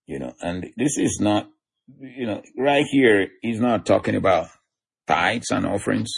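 Gravelly low-voiced male preacher. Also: animated, unhurried. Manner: reads scripture aloud, chuckles between points. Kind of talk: sermon teaching on scripture.

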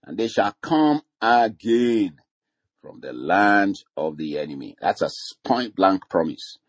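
A man's voice: low-pitched, very animated, unhurried, dry recording. An older man preaching informally to a discussion room, chatting with listeners, quoting scripture with rising emphasis and chuckling often. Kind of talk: informal sermon talk.

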